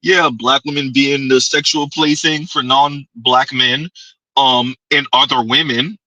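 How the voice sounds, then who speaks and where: A man's voice: medium pitch, fairly even intonation, a little slow, sharp tone, no echo, far from the mic, low-quality recording. A man hosting a late-night commentary show, speaking bluntly with a joking edge. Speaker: commentary channel host.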